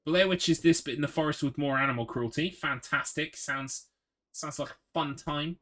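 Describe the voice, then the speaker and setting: A man's voice: a little high, moderate pace, a bit bright. A young man streaming a horror game, ranting sarcastically and swearing as he gets frustrated. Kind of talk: live gameplay commentary.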